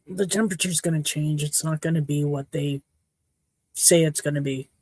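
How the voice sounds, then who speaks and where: A woman from Saskatchewan hosting a casual livestream chat at home, rambling and frank, her throat a little hoarse. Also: low voice, steady tone, normal speed, darkish tone, dry recording. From Saskatchewan, Canada. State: slightly hoarse throat after choking. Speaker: livestream host. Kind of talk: casual chat to a live audience.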